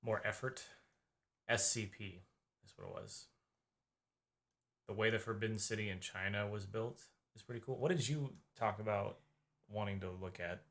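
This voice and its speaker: A man's voice: fairly low pitch, very animated, moderate pace, vocal fry, pauses often, fairly bright tone. A man co-hosting a casual video-reaction chat, rambling and hesitant, often trailing off mid-thought.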